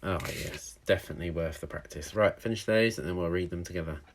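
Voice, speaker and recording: Low-voiced guy teacher doing a phonics lesson for little kids, encouraging, sounds letters out slow. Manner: encouraging, sounds out letters slowly for young learners. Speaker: primary school teacher. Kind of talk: recorded handwriting and phonics lesson for children.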